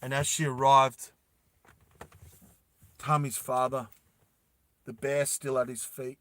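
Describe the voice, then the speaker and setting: A man narrating a story dramatically, repeating lines and dropping soft for emotional moments. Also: medium pitch, little pitch movement, slow pace, no room sound.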